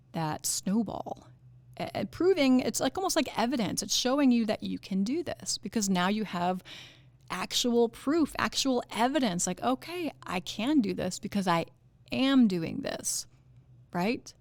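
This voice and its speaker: A woman's voice: medium pitch, no room sound. A woman hosting a wellness podcast, talking casually and animatedly with fillers and laughs. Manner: chatty and animated, fillers and laughs, puts on goofy voices for quotes. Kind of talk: casual motivational talk.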